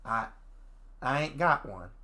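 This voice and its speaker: A man voicing a rough, distrustful young dragon girl with a put-on Southern country accent, speaking low and curt with rural grammar in a visual novel reading. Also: animated, takes it slowly, sharp tone. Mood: guarded. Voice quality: low, frustrated, growling. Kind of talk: visual novel read-aloud.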